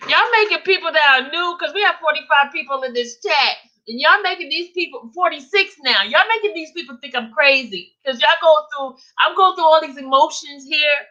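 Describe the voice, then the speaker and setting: A high, bright-voiced woman chats with her livestream audience, giggling constantly and teasing viewers as she talks. Her voice comes through a slightly dull, muffled livestream recording. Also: brisk, few pauses. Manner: giggly, keeps laughing while talking to the chat; chatty and teasing. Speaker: livestream host. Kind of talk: casual livestream chat.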